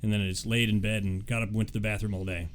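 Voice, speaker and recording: A man's voice: lowish voice, level tone, racing. A man co-hosting a casual podcast, joking around and bantering playfully. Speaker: podcast co-host. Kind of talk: casual chat.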